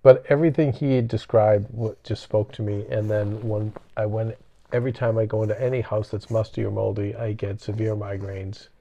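A middle-aged man co-hosting a podcast, telling a personal story casually with halting restarts. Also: fairly low pitch, fairly even intonation, vocal fry, warm tone, muffled recording. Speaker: podcast co-host. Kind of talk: casual chat.

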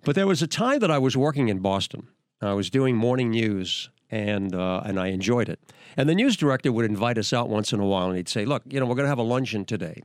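A man's voice: lowish voice, lively intonation, brisk, no room sound, clean studio sound. An older man, a veteran news anchor, hosting a podcast and telling stories with enthusiasm and frequent restarts. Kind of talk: podcast storytelling.

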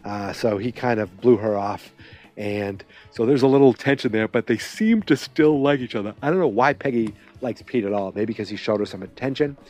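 A man's voice: fairly low pitch, moderate pace, faint music behind. Rambling man recapping a TV episode. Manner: rambling, animated, many fillers and restarts. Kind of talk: casual spoken recap.

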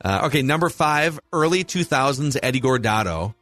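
A man's voice: medium pitch, animated, moderate pace, a bit bright, no room sound, faint music behind. A man in his forties with a Minnesota accent, hosting a casual sports podcast and eagerly running through rankings. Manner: enthusiastic, lists rankings. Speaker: podcast host.

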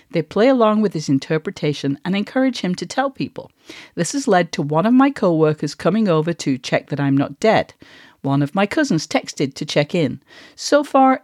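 A woman podcast host reading a listener's letter aloud with expressive delivery. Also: fairly low pitch, dry recording, clean studio sound.

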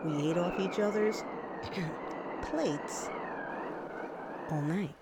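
A woman's voice: fairly low pitch, takes it slowly. Wry woman telling a story on radio. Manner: wry, dramatic, acts out dialogue. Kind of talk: personal story told on radio. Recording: loud vehicle noise behind.

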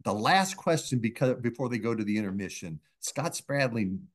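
A middle-aged man, a pollster being interviewed, telling anecdotes in a measured way and acting out the people he quotes. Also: medium pitch, animated. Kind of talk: anecdotal storytelling in a podcast interview.

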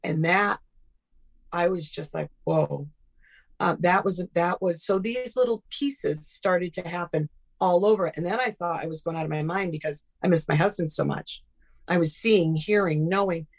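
A middle-aged woman with a lowish voice tells personal stories at a moderate pace as a guest in a casual interview. She's animated and acts out the quoted dialogue.

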